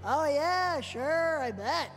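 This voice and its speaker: A woman voicing a sarcastic young male swordsman in an abridged parody cartoon, deadpan and snarky, with reverb and background music. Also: high-pitched, slow.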